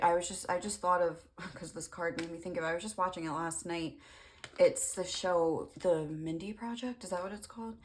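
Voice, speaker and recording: A young woman giving a casual tarot reading, rambling with lots of fillers and the odd swear word. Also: deep voice. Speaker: tarot reader.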